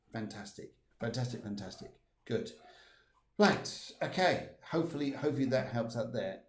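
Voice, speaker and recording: Guy doing psychic readings on a stream, keeps saying "she says here", echoey room, mid pitch. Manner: relays spirit messages with many fillers and repeats. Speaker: medium giving readings. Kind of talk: live-streamed spirit readings.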